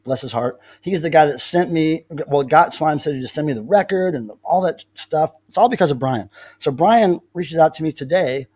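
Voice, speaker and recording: A man's voice: fairly high pitch, animated, moderate pace, a little mellow. Rambling, chatty male stream host. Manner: rambling storytelling with many restarts. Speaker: livestream host. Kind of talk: casual live-stream chat.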